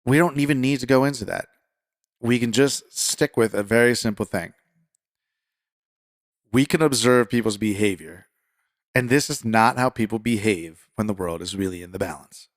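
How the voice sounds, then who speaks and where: A man's voice: fairly low pitch, normal speed, long pauses, no room sound. Dry-voiced man hosting a podcast. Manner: conversational, fired-up then calm reassurance. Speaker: podcast host. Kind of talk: political commentary podcast.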